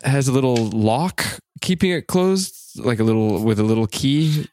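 A man making dry, deadpan comments in comedic banter. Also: mid-range voice, moderate pace, clear, resonant tone, dry recording.

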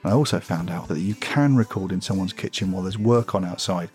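A man's voice: low-pitched, fast talker, darkish tone, faint music behind. A man hosting a podcast, chatting casually and reflectively. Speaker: podcast host. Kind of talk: casual chat.

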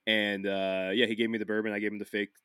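Bright-voiced chatty podcast man. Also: on the low side, quick pace, clean tone, no room sound, clean studio sound. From Philadelphia area. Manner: animated storyteller, laughs often, many restarts. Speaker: podcast host. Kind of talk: casual podcast chat.

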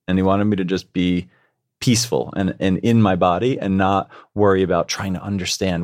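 A man's voice: low-pitched, steady tone, a little fast, a little mellow, no room sound, clean studio sound. A man, a podcast guest, telling a personal story in an earnest, reflective way, often restarting his words.

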